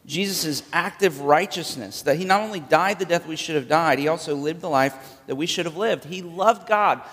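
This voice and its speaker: A man's voice: normal speed, a bit bright. Man preaching in a reverberant hall. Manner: earnest preaching, building in pitch and force toward the end. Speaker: pastor. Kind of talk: sermon. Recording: long reverb of a large hall.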